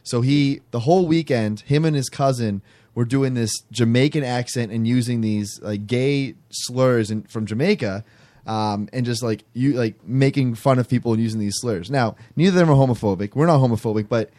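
A man's voice: medium pitch, normal speed, warm tone. A man casually telling a rambling, self-amused story on a podcast, restarting his phrases as he goes.

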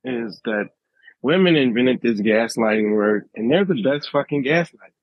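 A man co-hosts a casual podcast, cutting in with wry, profane remarks. His voice is husky. The sound is dry and a bit dull and lo-fi. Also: mid-range voice, expressive, moderate pace, no room sound. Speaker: podcast co-host. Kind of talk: casual chat.

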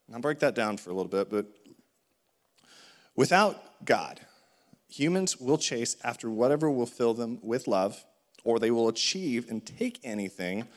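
A man with a mid-range voice preaches a sermon in an animated, conversational style, acting out the voices of the people in his stories.

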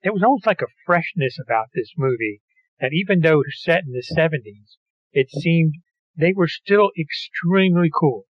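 A man's voice: fairly high pitch, expressive, normal speed, dry recording, muffled recording. A man interviewing actors, asking questions and giving short affirming replies. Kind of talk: interview questions and voice-over intros.

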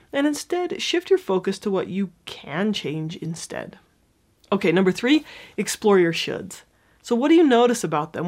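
A woman explaining a self-help technique in a calm, clear, gently encouraging teaching tone, as if from a script. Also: medium pitch.

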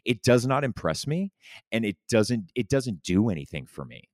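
A man telling his recovery stories in a candid, animated way, stressing words hard and swearing freely. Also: lowish voice, normal speed, no echo, clean studio sound. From lived in New York City. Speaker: guest in recovery, news anchor. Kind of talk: candid conversational storytelling.

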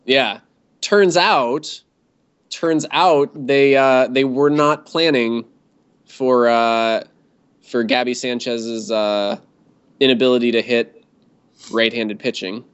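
A man's voice: mid-range voice, fairly even intonation, slow pace, long pauses, clean tone. A man co-hosting a casual sports podcast, talking with dry sarcasm and frequent laughs. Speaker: podcast co-host. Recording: dull lo-fi sound.

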